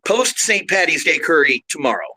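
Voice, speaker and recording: A man's voice: a little high, very animated, moderate pace, crowd noise. A man co-hosting a podcast in casual chat, throwing in crude, joking banter. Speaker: podcast co-host.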